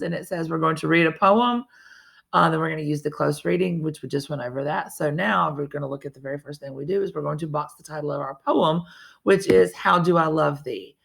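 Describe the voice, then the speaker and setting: This teacher, a woman with a Southern US accent, sounds low, gravelly and fairly bright as she breaks down a poetry lesson step by step. It's a recorded online reading lesson, delivered chattily with self-correcting asides.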